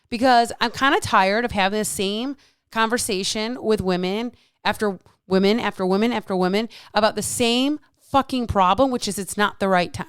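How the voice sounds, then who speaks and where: A woman in her thirties rants on her own podcast, blunt and exasperated, swearing freely. Her voice is smooth and clear. The sound is dry and close, with no room around it. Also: mid-range voice, expressive, normal speed, dry recording. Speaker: fitness coach and podcast host. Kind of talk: solo podcast rant.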